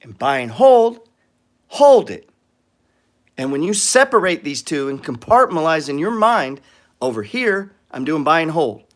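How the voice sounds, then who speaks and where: A man's voice: a little high, very animated, moderate pace, a bit bright. A man hosting a trading show, talking bluntly with frequent swearing and acting out what other people say. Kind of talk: profane ranting talk on trading.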